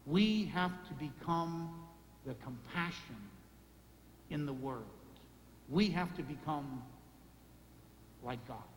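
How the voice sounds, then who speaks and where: Male preacher, high voice, punchy repeated phrases, long church reverb, faint room hum. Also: lively intonation, slow pace, pauses often. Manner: repetitive emphatic lists and rhetorical questions. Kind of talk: sermon. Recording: echoey hall reverb, faint ambience.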